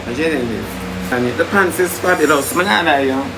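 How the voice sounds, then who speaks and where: A man with a Jamaican accent hosting a loud, teasing live chat in patois with a flamboyant manner. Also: on the high side, lively intonation, moderate pace, over music. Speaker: TikTok live host. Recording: echoey room with loud background noise.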